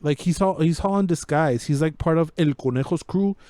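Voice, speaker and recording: A man's voice: fairly high pitch, brisk, mellow, no room sound. A man co-hosting a podcast, ranting casually about a movie, swearing and slipping into Spanish slang. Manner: rambling, profane, code-switching into Spanish slang. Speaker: podcast co-host. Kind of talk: casual movie review chat.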